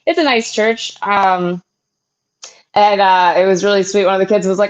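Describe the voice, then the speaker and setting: A young woman doing a stand-up comedy set, with a halting delivery full of fillers and restarts. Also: medium pitch, fairly even intonation. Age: young adult. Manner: halting, filler-heavy delivery with self-deprecating jokes. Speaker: stand-up comic. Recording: muffled lo-fi sound.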